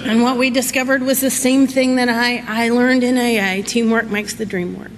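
A middle-aged woman, giving a folksy, animated personal recovery talk. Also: fairly high pitch, moderate pace. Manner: folksy, animated, laughs through her story. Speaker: recovery meeting speaker. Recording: echoey hall with faint noise.

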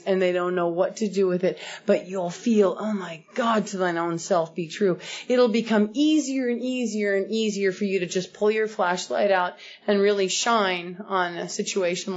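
A woman sharing personal stories at a recovery meeting, earnest and animated as she acts out what people said. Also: medium pitch, normal speed, few pauses. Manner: earnest, animated storyteller acting out quotes. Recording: dull lo-fi recording.

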